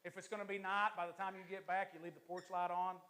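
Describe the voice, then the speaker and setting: Man, assistant pastor, sermon in church, very high pitch, lively and joking. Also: quick pace. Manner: lively, joking and preaching to the congregation.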